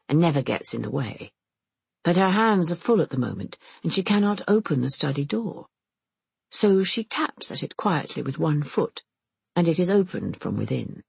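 A narrator reading a novel aloud in a measured storytelling manner. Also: creaky, husky, no room sound. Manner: measured storytelling with expressive, shifting pitch. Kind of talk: audiobook narration of a historical mystery.

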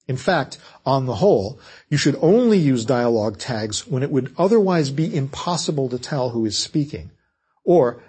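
A man giving a measured, scripted lecture on writing fiction. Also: mid-range voice, a little mellow, husky. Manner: measured, explanatory delivery.

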